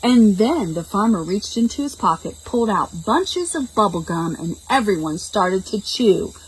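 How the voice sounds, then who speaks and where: A woman reading a picture book aloud to preschool children in a slow, expressive storytime voice and stopping to explain words. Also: medium pitch, breathy edge, rough recording. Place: public library.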